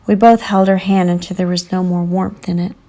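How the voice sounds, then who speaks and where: A woman narrating a storybook in an earnest, measured reading. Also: fairly low pitch, level tone, dark tone.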